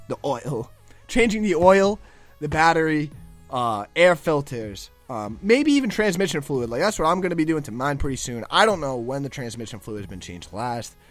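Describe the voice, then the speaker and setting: A man's voice: mid-range voice, animated, normal speed, faint music behind. A young man, a guest commentator, chatting casually over gameplay footage and stumbling over his words as he rambles.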